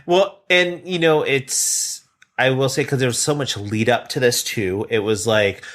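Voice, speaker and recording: A man's voice: mid-range voice, a little slow, a bit bright. A man co-hosting a casual comedy podcast, chatting in a rambling way and laughing often. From United States. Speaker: podcast co-host.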